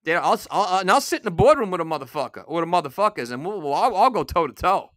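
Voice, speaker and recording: A man hosting a podcast alone, delivering an angry, profane rant that bursts into shouting. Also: high-pitched, sing-song, fast, no echo, studio quality. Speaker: podcast host. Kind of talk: solo ranting podcast.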